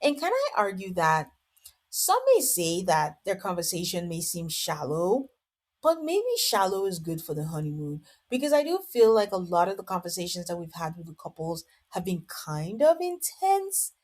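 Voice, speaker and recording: A woman's voice: fairly low pitch, big pitch swings, moderate pace. A woman hosting a podcast, giving a casual, amused recap full of "like". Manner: chatty, amused, lots of "like". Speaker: podcast host. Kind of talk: casual reality-show recap.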